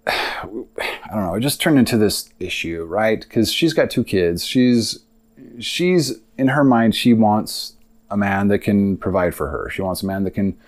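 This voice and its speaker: A man's voice: lowish voice, a little mellow. A man hosting a podcast, telling a long personal story in a rambling, confessional way with many fillers. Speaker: podcast host. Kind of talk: casual storytelling monologue.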